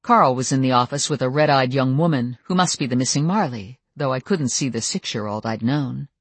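Steady audiobook narrator, dry sound. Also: medium pitch, brisk, breathy edge, no echo. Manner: steady, even storytelling.

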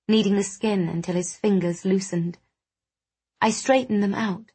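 A woman narrating a first-person audiobook in a measured storytelling manner. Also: medium pitch, slightly rough.

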